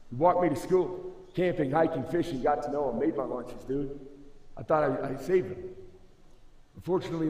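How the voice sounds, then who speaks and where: In a large school assembly hall with long, booming reverb, a young male motivational speaker with a slightly high voice gives an emphatic, slangy talk. He calls listeners bro and dude and swings between loud and hushed.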